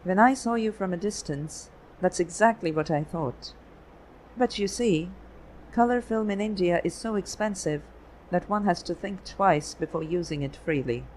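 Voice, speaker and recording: An audiobook reader voicing a sharp young male detective of about thirty, asking crisp, inquiring questions. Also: mid-range voice, moderate pace, slight background noise, lightly acted, poor audio. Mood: friendly. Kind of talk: audiobook reading.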